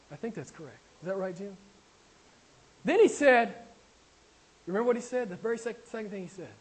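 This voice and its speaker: A man's voice: very high voice, low-quality recording. A man preaching a sermon to his congregation, asking questions and talking with them, while losing his voice. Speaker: pastor.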